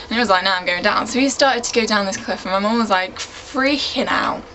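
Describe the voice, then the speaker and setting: A woman's voice: medium pitch, brisk, sharp tone, a little hiss or hum, poor audio. A young woman telling a personal story straight to camera on her vlog in a chatty, self-mocking way, drifting into rambling asides. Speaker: vlogger, regular on a shared channel.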